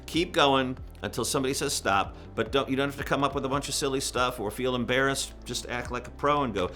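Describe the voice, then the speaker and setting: Man, bright tone, casual instructional talk, frank coaching for singers. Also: medium pitch, fast talker, soft background music. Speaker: worship music director. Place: church.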